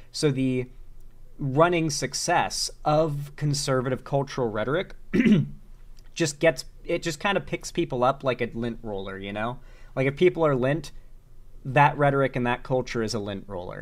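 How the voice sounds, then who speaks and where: A man giving an earnest, rambling political monologue in a video clip, full of fillers. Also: mid-range voice. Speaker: online political commentator.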